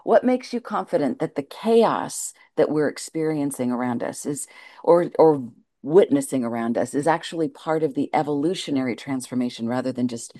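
A woman hosts the conversation, asking her guest long questions with chatty enthusiasm. Her voice sits low for a woman, and it sounds dry and close, with no room echo. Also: moderate pace, mellow. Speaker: host. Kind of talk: interview questions.

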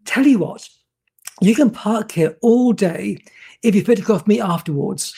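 A man's voice: sits high, animated, vocal fry, dark tone, slightly rough, full character voice. A man doing a flustered, jolly old actor. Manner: startled rapid questions, then laughing and friendly. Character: excitable elderly actor, flustered then jolly.

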